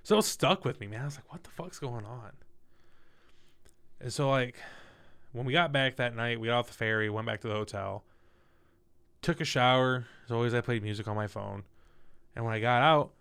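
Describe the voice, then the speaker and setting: A young man casually telling a personal story in a candid, profane, animated way. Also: mid-range voice, moderate pace, long pauses, clean tone.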